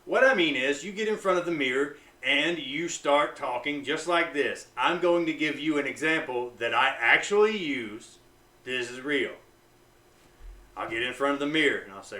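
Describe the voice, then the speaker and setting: Guy vlogging, blunt n swears a lot, sharp bright voice, kinda far from the mic. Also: lively intonation, moderate pace, long pauses. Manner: blunt and profane, swings from loud hype to low intensity. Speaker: vlogger on fasting. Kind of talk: casual motivational talk to camera. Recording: echoey room, voice off-mic.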